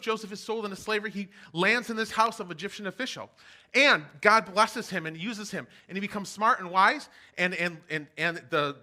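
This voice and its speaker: A man giving a casual sermon for an online church service, retelling a Bible story in a chatty, animated way. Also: high voice. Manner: chatty, animated storytelling with playful quoted voices. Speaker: pastor.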